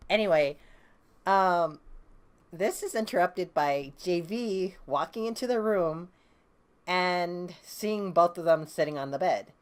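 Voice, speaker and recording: A woman reviewing a comic book issue, casually retelling the plot with lots of fillers and restarts, reading the characters' lines in her own voice. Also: on the low side. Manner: rambling, hesitant with many fillers and restarts; reads quoted dialogue in her own voice.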